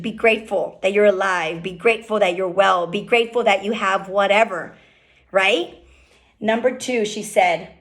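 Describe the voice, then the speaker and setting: Fired-up high-voiced woman. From California. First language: Spanish. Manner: fired-up, fast, repeats "okay?" often. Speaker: team leader speaking on a group call. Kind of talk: motivational business talk. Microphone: call microphone.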